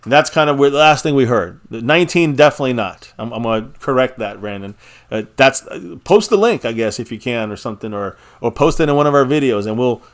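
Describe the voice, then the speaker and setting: A man's voice: medium pitch, expressive, fast talker. A man hosts a casual live stream for sports fans, talking in an everyday mid-range voice. He is opinionated and rambling, doubling back on his words and laughing at his own points. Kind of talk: casual sports fan chat.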